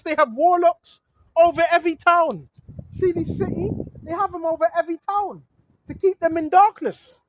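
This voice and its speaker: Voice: high-pitched, highs cut off. A street preacher filming outdoors, reading scripture and scolding opponents in a fervent, blunt manner full of slang. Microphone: handheld camera filming.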